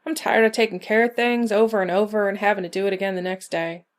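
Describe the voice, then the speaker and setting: A woman's voice: medium pitch, fairly even intonation, fast, lightly acted. A woman voicing an older rural witch, blunt, folksy and dryly grumbling, tired of endless fights. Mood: weary. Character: weary, sharp-tongued old rural woman witch.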